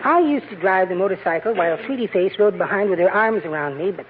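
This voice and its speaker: An actor playing a timid, henpecked little man with a soft, hesitant voice in a 1940s radio comedy. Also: high-pitched, lively intonation, quick pace. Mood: mild. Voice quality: soft, mousy, hesitant delivery. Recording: tinny lo-fi 1940s radio broadcast, faint audience.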